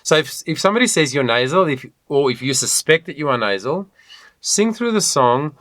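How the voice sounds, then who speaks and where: A man's voice: fairly high pitch, sing-song, normal speed, a bit bright, no room sound. A man teaching an online singing lesson, encouraging and demonstrating with hums and sung lines. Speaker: voice coach.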